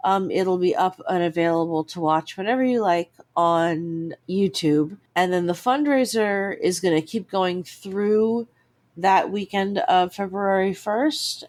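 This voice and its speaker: Slow, low-voiced woman producer. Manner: measured, informative. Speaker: theatre producer. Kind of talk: explaining, casual interview.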